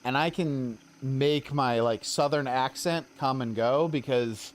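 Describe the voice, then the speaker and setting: A young man talking in a loose, rambling way with a Western American accent, the kind who drifts off topic and laughs at himself. His pitch sits in an ordinary middle range for a man. He sounds like a streamer chatting casually over his game. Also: takes it slowly. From Colorado. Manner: rambling, chatty, self-deprecating.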